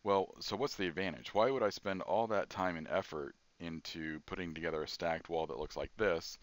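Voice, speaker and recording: A man giving a screen-recorded software tutorial, thinking aloud with frequent pauses and fillers. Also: sits low, no echo. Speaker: software instructor.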